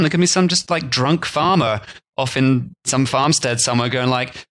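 A man's voice: mid-range voice, moderate pace, fairly bright tone. Joking male podcast co-host. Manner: jokey, rambling, breaks into silly voices. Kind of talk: casual chat.

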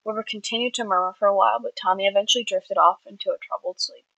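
A woman's voice: mid-range voice, steady tone, quick pace, creaky, bright, forceful tone, no echo, low-quality recording. A woman reading her own story aloud, with small slips and self-corrections. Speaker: amateur writer.

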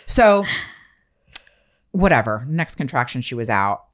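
A woman in her thirties telling a story on a casual podcast, animated and profane, acting out the dialogue. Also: a bass voice, a little slow. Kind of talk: casual chat.

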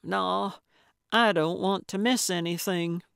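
A woman's voice: on the low side, fairly even intonation, takes it slowly, gravelly, fairly bright tone, clear, resonant tone, no room sound, studio quality, heavily acted. A woman voicing a stubborn, feisty older woman sleuth who talks emphatically and over-enunciates. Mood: gruff.

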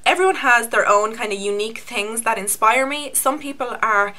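A woman's voice: fairly high pitch, expressive, normal speed, pushed and bright. A young Irish woman with an Irish accent chatting to camera in a casual, rambling beauty vlog, with a self-mocking streak. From Ireland. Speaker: beauty YouTuber.

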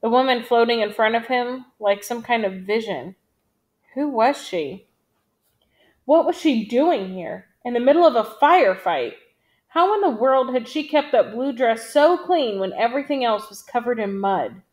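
Woman reading a novel aloud, slightly high. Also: expressive, moderate pace, a little mellow. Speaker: audiobook reader.

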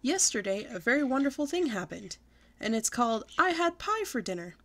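A woman storyteller reading a children's book aloud with expressive, lively delivery. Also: on the high side, a little fast.

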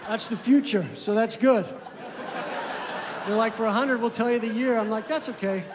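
Deadpan male stand-up with a very high voice, recorded live in a reverberant club with audible room noise. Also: normal speed. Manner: deadpan storytelling, acting out both sides of phone calls. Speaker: stand-up comedian. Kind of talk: stand-up comedy set. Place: comedy club stage. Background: audience laughter and room ambience.

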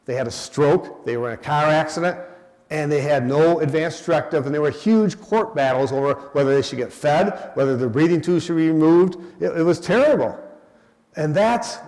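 An older man giving a public talk as guest speaker, animated, acting out the people he quotes. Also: a little high, in a large hall. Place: event hall.

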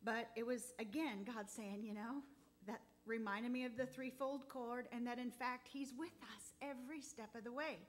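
A woman giving a heartfelt, halting testimony in church, close to tears at times. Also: on the high side, fairly even intonation. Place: church sanctuary.

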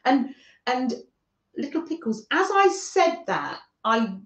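A woman from northern England who hosts a craft livestream, chatting gently with viewers by name and often laughing as she works. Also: sits high, sing-song, slow pace. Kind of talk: casual chat with live viewers while crafting. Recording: echoey room, dull lo-fi sound.

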